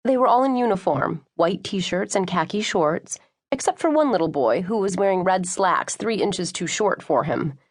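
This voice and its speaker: Woman, audiobook narrator, scripted narration, lively intonation, expressive. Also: lowish voice, moderate pace. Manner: expressive first-person storytelling.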